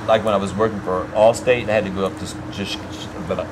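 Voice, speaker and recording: This is a man with a New Orleans-area accent telling a quick anecdote. His voice is on the low side. Clear background noise from air conditioning sits behind him. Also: steady tone. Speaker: interviewee. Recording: noisy room with air conditioning.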